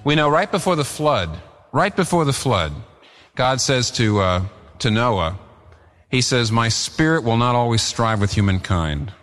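A man's voice: animated, unhurried, a bit bright. A male pastor delivers a sermon in an earnest, emphatic way. His voice sits in a middle register and swings up and down as he drives points home. A long reverb from the church hall trails after each phrase. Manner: earnest, emphatic preaching with rising and falling pitch.

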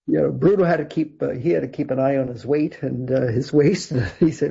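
Gravelly older man telling stories. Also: mid-range voice, fairly quick, few pauses, warm tone. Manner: rambling, many restarts and fillers, laughs often. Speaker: guest, songwriter and producer. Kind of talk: casual interview storytelling. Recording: dull lo-fi sound.

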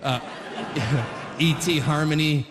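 A man's voice: fairly high pitch, slow pace, in a large hall, background noise. A man in his forties doing stand-up, telling stories in a rambling, stop-start way. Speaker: stand-up comedian. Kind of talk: stand-up comedy.

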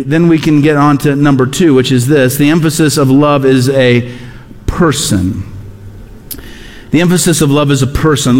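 Pastor, male, higher register, earnest sermon delivery with repeated refrains, long hall reverb. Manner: earnest preaching, repeats key phrases, reads scripture aloud.

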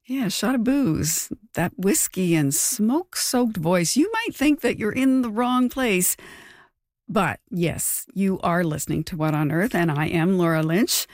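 A woman hosting an interview podcast, with a mid-pitched voice. She sets up each segment in crisp, well-paced sentences. The sound is dry and close-miked. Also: lively intonation, a little slow, no room sound. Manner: crisp, scripted-sounding introductions. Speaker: podcast host.

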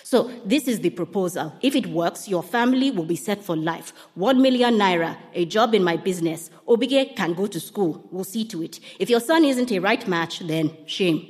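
Woman, audiobook narration, measured and dramatic, mid pitch, long reverb. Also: lively intonation, darkish tone, husky. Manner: measured, dramatic storytelling, voicing characters lightly.

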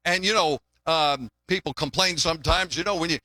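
Folksy older pastor, bright voice. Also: male voice, fairly high pitch, a little fast, no room sound, studio quality. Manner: folksy, conversational, repeats words when restarting. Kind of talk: sermon with jokes.

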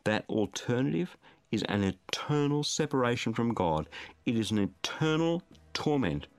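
Male preacher, lively rising and falling delivery, dry close sound, earnest and pleading. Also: medium pitch, moderate pace, no echo. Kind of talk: sermon.

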